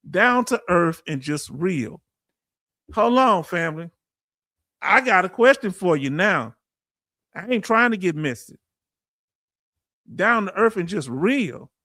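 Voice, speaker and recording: Texan host, middle-aged, Southern drawl, fairly high voice, dry close sound, easygoing chat with viewers. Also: male voice, no room sound. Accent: Southern US, Texas. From Texas. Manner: folksy, animated, talks straight to the chat. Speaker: livestream host for veterans. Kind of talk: casual livestream chat reading the chat.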